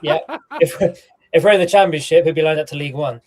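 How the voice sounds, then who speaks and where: A man's voice: a little high, fast, a crowd in the background, poor audio. A man on a football fan panel, gloomy and hesitant, full of ums. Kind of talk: casual fan show chat.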